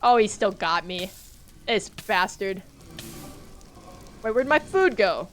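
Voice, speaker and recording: A woman's voice: medium pitch, animated, slow, fairly bright tone, soft background music. A woman streaming a game live, talking to her chat, jumpy and swearing as she plays. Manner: jumpy, swears, talks to chat while playing.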